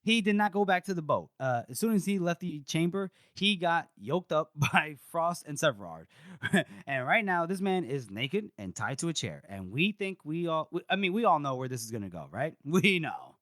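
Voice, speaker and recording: A man's voice: on the high side, sing-song, moderate pace, a bit bright, no echo, clean studio sound. A man co-hosting a casual book podcast, animatedly retelling scenes, acting out quotes and swearing. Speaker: podcast co-host.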